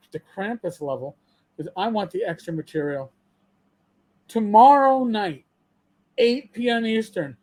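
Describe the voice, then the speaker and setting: A man's voice: high-pitched, a little mellow. A man hosting his own podcast, delivering an angry rant with frequent swearing and stammered restarts, repeating himself as he gets worked up. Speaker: channel host.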